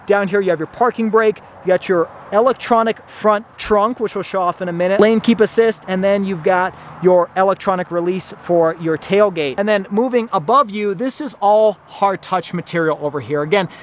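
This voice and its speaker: A man with a fairly high voice walks through a new car's features in an upbeat, explanatory way. He talks briskly, with the practiced ease of a reviewer. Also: a little hiss or hum. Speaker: car reviewer. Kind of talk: product review walkthrough.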